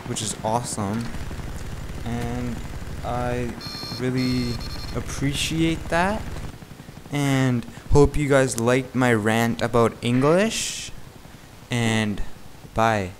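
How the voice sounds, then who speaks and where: A man's voice: mid-range voice, slow, long pauses, noisy background. A man ranting in a rambling, indignant way over gameplay footage, peppering his talk with "like". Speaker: gaming channel host.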